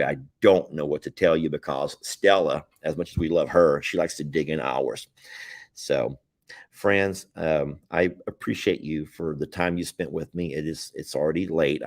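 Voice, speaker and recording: A man's voice: deep voice, darkish tone, no room sound, clean studio sound. A man with a Southern American accent, hosting a live stream in a rambling, folksy way and chuckling often. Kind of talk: casual live-stream chat.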